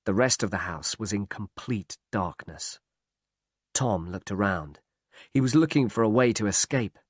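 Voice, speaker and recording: Male audiobook narrator, slow and lively, dry studio sound. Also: lowish voice, husky, no room sound. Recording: dry close recording.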